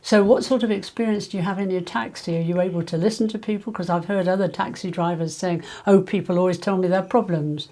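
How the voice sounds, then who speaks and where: A woman hosting an interview, gentle and encouraging, with frequent affirmations. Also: fairly low pitch, steady tone, fast talker, few pauses. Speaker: interviewer, host. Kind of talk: interview questions.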